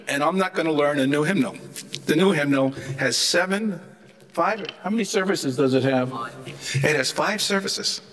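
An older man with a slightly high, fairly bright voice delivers a humorous theology lecture full of anecdotes. He's chatty and rambling, dropping in wry, joking asides.

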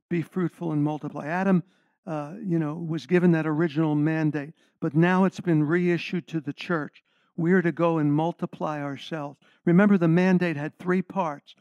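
A man's voice: a little high, steady tone, normal speed, a little mellow, no room sound, lo-fi sound. Older man preaching an earnest sermon. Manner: earnest teaching, asks the congregation questions. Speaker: guest preacher.

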